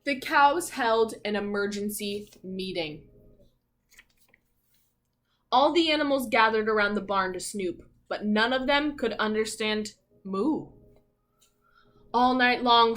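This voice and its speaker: Slow gentle woman teacher reading aloud. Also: mid-range voice. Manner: gentle, explains words and asks children questions. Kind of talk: reading a picture book aloud to children.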